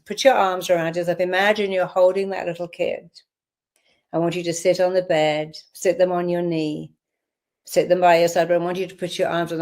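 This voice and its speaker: At a live online event, a woman therapist with a fairly low, darkish voice leads a guided visualization. She firmly directs listeners and repeats affirmations for them to say back.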